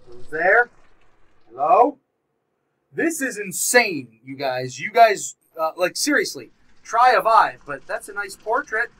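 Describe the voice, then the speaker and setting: A high-voiced man delivers let's play commentary on a virtual reality horror game for his YouTube channel, jumpy and swearing as he yelps and answers back to what's on screen, likely through a headset mic. He's very animated but slow, with a sharp, slightly rough tone, and the recording is rough.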